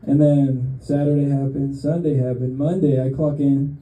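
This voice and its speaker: A man's voice: mid-range voice, level tone, moderate pace, dark tone. A young man doing a stand-up set on a club stage, rambling and self-deprecating, laughing at his own jokes. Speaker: stand-up comedian. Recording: roomy club stage sound.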